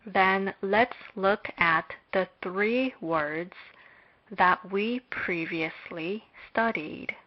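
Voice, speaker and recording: A woman delivers a scripted language lesson at a very slow, deliberate pace, leaving long pauses between phrases. Her voice sits at a middle pitch. The recording is dull and muffled. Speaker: Hebrew lecturer.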